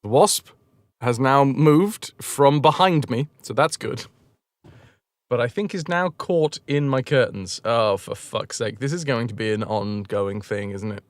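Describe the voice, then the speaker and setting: A man's voice: medium pitch, lively intonation, measured pace, no echo, studio quality. A British man chatting casually on a game livestream from home, joking and swearing freely. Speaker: game streamer.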